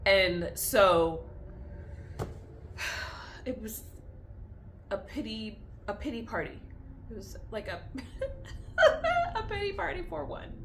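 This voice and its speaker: A woman's voice: mid-range voice, lively intonation, takes it slowly, creaky, long pauses, noisy background. A young woman talks candidly in a personal vlog, confessional and tearful, laughing through tears as her feelings swing back and forth. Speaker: vlogger.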